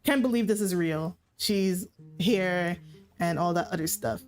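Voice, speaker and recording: A woman's voice: on the low side, a little slow, darkish tone. A woman streamer casually recapping a story in a rambling, profane way, often correcting herself mid-sentence. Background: faint background music.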